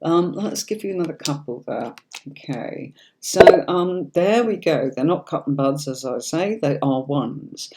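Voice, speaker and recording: A woman's voice: low-pitched, lively intonation, unhurried, very noisy. A middle-aged woman from Yorkshire with a neutral standard British accent, hosting a live-streamed tarot reading in a chatty, reassuring way and often checking in with "okay?". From Yorkshire, England. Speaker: tarot reader and livestream host.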